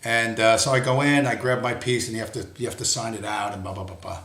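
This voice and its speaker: A man's voice: fairly low pitch, steady tone, quick pace, a bit bright. Foul-mouthed man ranting in an echoey room. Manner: swears constantly, angry and blunt. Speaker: livestream host. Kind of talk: profane ranting monologue. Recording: roomy echo.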